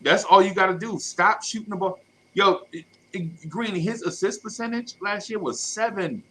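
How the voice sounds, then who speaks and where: A man's voice: high-pitched, moderate pace, pushed and bright, slight background noise, poor audio. A man co-hosting a casual sports fan podcast, talking in a hyped, slangy way and repeating himself. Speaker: podcast co-host.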